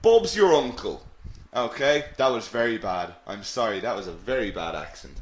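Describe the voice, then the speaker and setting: A man's voice: fairly low pitch, animated, a little fast, fairly bright tone, echoey room. An Irish man teaching English in a live webinar, upbeat and encouraging, repeating key phrases. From Ireland.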